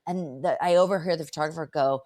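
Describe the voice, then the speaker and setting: A woman's voice: low voice, fast talker, dry recording. A woman hosting a podcast, telling a story with lots of "like" fillers and acting out the voices of the people in it. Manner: lively, acts out quoted voices, many "like" fillers. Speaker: podcast host. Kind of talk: animated storytelling in casual chat.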